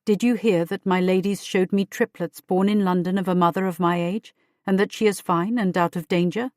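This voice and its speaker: A woman voicing a deep-voiced bitter old queen. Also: steady tone, moderate pace, darkish tone, no room sound, studio quality, natural voice. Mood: boastful. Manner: cold, cutting, regal. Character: pregnant older queen, bitter and proud. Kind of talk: audiobook character voice.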